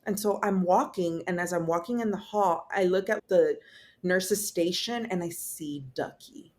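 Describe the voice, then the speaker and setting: A woman's voice: fairly low pitch, measured pace. A woman guest on a podcast telling a personal story in blunt, casual speech, swearing freely and rambling with fillers. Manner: rambling with fillers, acting out quotes.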